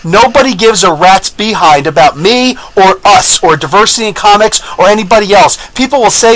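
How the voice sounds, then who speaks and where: A man hosting a podcast, talking in a rambling, blunt and animated way, telling stories and often checking in with his listeners. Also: sits high, a little fast, poor audio. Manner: rambling, animated, keeps asking "you know what I'm saying?"; blunt and opinionated. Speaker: podcast host. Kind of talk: casual opinion monologue with storytelling.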